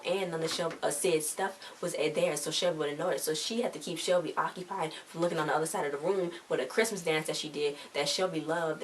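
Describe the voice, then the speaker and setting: A woman excitedly retelling a TV episode in a casual, rambling way, full of slang. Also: low-pitched. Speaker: episode reviewer. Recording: distant mic with faint hiss.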